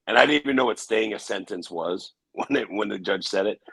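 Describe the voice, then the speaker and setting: A man with a fairly low voice recounts his past in a casual interview. He talks haltingly, with restarts and filler words. The recording is dry and close. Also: vocal fry, sharp tone, slightly rough, dry recording, poor audio. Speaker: interview guest.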